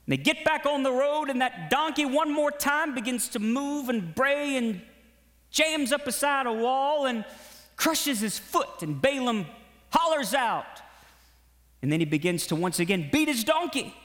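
High-voiced preacher in an echoing hall. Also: male voice, unhurried. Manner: animated storytelling with exhortation. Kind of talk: sermon. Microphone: broadcast to online viewers. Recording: long hall reverb.

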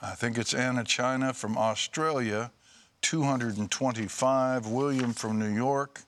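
A man reads donor names and gift amounts on a broadcast telethon, taking his time over each one. His voice sits at an everyday middle pitch, and faint noise hangs under it. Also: a bit bright. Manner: slow, measured reading with small hesitations. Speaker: telethon co-host. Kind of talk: reading donor names on air.

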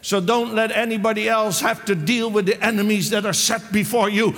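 A man preaching a sermon with passion, breaking into shouts and acting out the people in his story. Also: high-pitched, steady tone, brisk, hardly any pauses. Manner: impassioned, exclaims and voices the characters. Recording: long hall reverb.

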